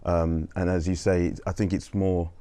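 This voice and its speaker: A man's voice: low voice, little pitch movement, normal speed, dark tone, dry recording. A man with a Birmingham accent, a panel guest telling anecdotes in a hesitant, stop-start way. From Birmingham, England. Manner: anecdotal, hesitant, acts out quoted voices. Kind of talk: panel discussion.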